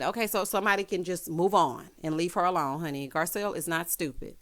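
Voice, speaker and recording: A woman's voice: fast, few pauses. A woman giving casual, sassy commentary in a reality TV recap, calling everyone honey and child and swooping her voice up for emphasis. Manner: animated swoops in pitch for emphasis.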